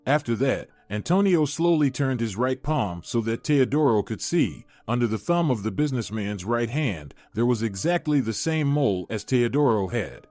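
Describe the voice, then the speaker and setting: A man reading a scripted story in an even, steady storytelling manner. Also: mid-range voice, moderate pace, hardly any pauses, no echo. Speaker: narrator. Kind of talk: scripted narration. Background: faint music.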